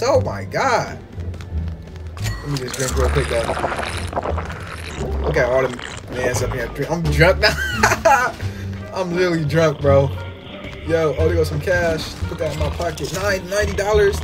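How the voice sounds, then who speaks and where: A young man giving casual gameplay commentary, excitable and slangy, swinging from low mutters to sudden yelps and trash talk. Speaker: gaming YouTuber.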